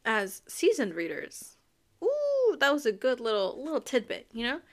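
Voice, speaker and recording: A woman's voice: on the high side, sing-song, moderate pace, fairly bright tone. A young woman hosting a podcast, talking casually and emphatically about a book, laughing often as she reacts. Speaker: podcast host.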